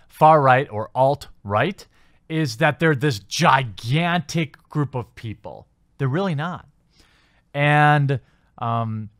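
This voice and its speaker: A man's voice: mid-range voice, no room sound, clean studio sound. A man hosting a commentary channel, reading news articles aloud and picking them apart with sarcastic, skeptical remarks and many fillers.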